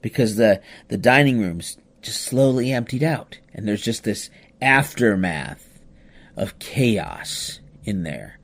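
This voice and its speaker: A man hosting a podcast, telling a personal story in a casual, animated way, full of "you know" asides and restarts. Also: on the low side, slow pace.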